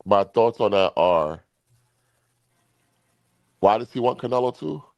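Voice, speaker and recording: A man hosting a boxing podcast in casual chat, blunt and profane, talking in quick bursts. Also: lowish voice, lively intonation, vocal fry, a little mellow, no echo, dull audio.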